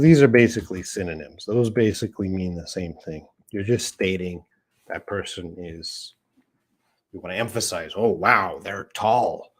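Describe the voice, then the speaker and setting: A middle-aged man hosting a live English class, talking in an easy, conversational way as he reads out questions from the chat. His voice sits fairly low, and he explains things plainly and patiently. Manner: casual and conversational, reads viewer questions aloud and answers them. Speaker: English teacher. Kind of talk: live-streamed lesson answering chat questions.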